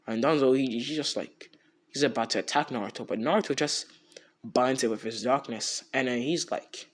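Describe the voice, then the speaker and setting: Young man, casual fan-story retelling, rambling, slangy, many fillers, animated pitch. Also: normal speed, slightly rough.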